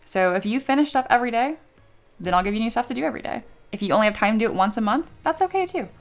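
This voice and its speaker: A woman's voice: fairly high pitch, lively intonation, racing. A woman streaming a 3D sculpting tutorial in a chatty, joking way, explaining her steps and answering viewers. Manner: chatty, jokey, reads chat aloud. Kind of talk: live-stream tutorial chat.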